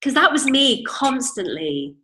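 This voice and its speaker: A woman coach talking as an interview guest, telling a story in an animated way and acting out her own dialogue. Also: high-pitched, measured pace, background noise.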